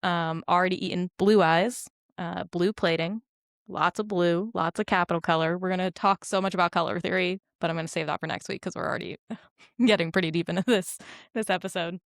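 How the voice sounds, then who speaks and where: A woman's voice: on the low side, fairly quick, no room sound, clean studio sound. A woman co-hosting a casual podcast, talking through a film scene by scene with lots of laughter and acted-out quotes. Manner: animated, laughs often, acts out quotes. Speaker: podcast co-host.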